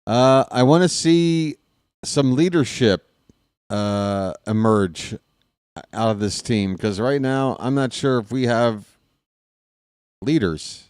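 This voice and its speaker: A man calling a baseball game on his own stream, chatting casually between pitches and cracking small jokes. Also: slow pace, long pauses, darkish tone, smooth, no room sound, clean studio sound. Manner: casual, self-deprecating, jokey between pitches. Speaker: fan play-by-play broadcaster. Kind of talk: solo baseball play-by-play with chatty asides.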